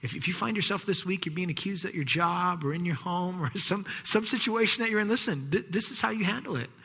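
A man preaching a sermon in a hall with long reverb. His voice is bright and husky. He talks with animation, acting out the voices he quotes and dropping at times to a hushed whisper. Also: sits high, a little fast. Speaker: pastor.

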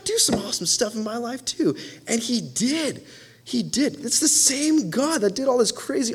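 A man's voice: sits high, husky. Earnest, enthusiastic young preacher man. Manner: earnest and enthusiastic, with many restarts. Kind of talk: casual sermon.

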